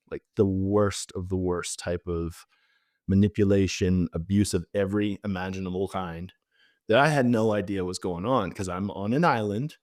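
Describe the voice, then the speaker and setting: A man tells a personal story as a podcast guest. His voice sits fairly low and he talks animatedly, with lots of fillers. The sound is dry, with no room echo. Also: a little mellow. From Canada.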